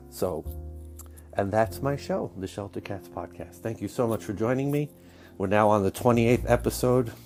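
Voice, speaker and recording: A man's voice: low-pitched, a little mellow. Scratchy-voiced man hosting a cat podcast. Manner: chatty, enthusiastic, self-deprecating. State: scratchy voice, getting over illness. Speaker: podcast host. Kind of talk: solo podcast intro.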